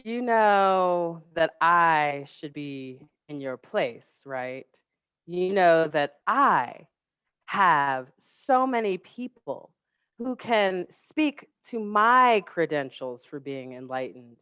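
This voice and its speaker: A scornful demon tempter, put on by a woman, hurling slow belittling questions one after another. The recording is dry and dull, like lo-fi webinar audio. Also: fairly low pitch, very animated, a bit bright, clean tone, no room sound, exaggerated voice. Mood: mocking. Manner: rapid-fire mocking questions, belittling. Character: taunting demon tempter, mocking and interrogating.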